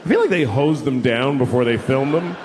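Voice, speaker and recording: A man in his forties performing a stand-up comedy routine, animated and dropping into exaggerated put-on voices. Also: medium pitch, fairly quick, noisy background. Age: 40s. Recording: live show in a reverberant hall.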